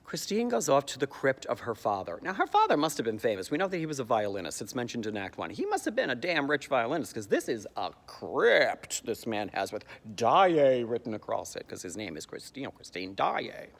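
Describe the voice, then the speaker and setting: A man giving a sarcastic comic recap of a stage musical's plot, jumping into high squeaky voices to mock the characters. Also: wildly swooping pitch, brisk, creaky, hardly any pauses, fairly bright tone, big-room sound. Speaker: comedic theatre commentator.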